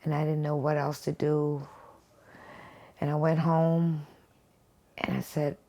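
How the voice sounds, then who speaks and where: Interviewed at home for a documentary, a woman tells a personal story earnestly and from the heart, turning sing-song when she quotes others. Her voice is low-pitched and mellow, with little pitch movement, and she takes her time.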